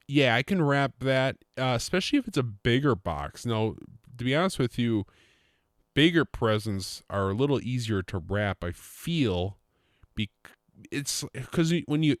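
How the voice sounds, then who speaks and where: A man's voice: medium pitch, no echo, studio quality. A man hosting his own podcast, chatting in a rambling, joking way and often cutting himself off mid-sentence. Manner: rambling, self-interrupting, joking. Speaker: podcast host. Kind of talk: casual solo podcast monologue.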